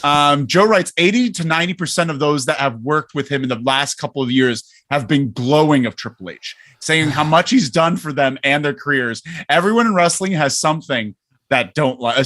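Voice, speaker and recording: A man's voice: medium pitch, moderate pace, fairly bright tone, dry recording. A young man co-hosting a casual podcast, reading listener comments aloud and laughing often. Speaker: podcast co-host. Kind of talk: casual chat.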